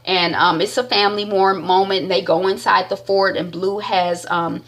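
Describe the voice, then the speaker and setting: A woman's voice: mid-range voice, fairly even intonation, normal speed, fairly bright tone. A woman giving a casual, chatty recap of a TV episode, often repeating herself for emphasis.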